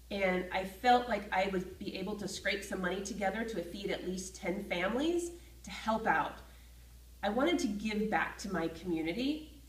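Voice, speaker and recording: Woman telling a personal story, roomy echo. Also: medium pitch. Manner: lively, acts out her own feelings. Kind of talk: personal story told to camera. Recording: roomy echo, voice from a distance from the mic.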